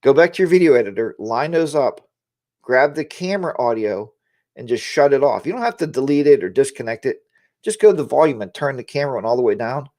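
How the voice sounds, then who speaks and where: A man's voice: mid-range voice, a little mellow. Chatty guy hosting a livestream from his home studio, lapel mic, rambles along, says hi to viewers by name. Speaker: livestream host. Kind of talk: casual livestream chat.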